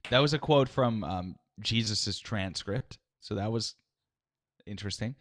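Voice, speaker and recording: A man co-hosting a comedy podcast, teasing his partner in a deadpan, casual way. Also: lowish voice, unhurried. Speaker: podcast co-host.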